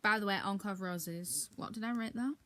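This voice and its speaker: A woman's voice: mid-range voice, brisk, a bit bright. A woman giving a casual, candid wrap-up of her monthly reading, chatty with frequent filler ums and blunt asides. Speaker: book reviewer.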